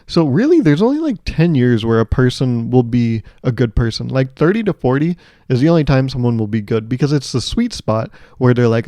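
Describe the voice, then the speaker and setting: A man's voice: medium pitch, animated, a little fast, dark tone, no echo, clean studio sound. A man hosting his own podcast, ranting alone in a sarcastic, profane, joking way and often laughing at his own lines. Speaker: podcast host. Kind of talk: solo comedic podcast monologue.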